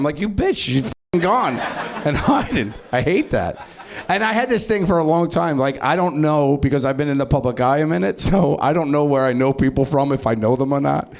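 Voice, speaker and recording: A man doing improvised stand-up, animated and swearing, often laughing and acting out voices. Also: medium pitch. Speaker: stand-up comedian. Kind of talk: improvised stand-up crowd work. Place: comedy club stage.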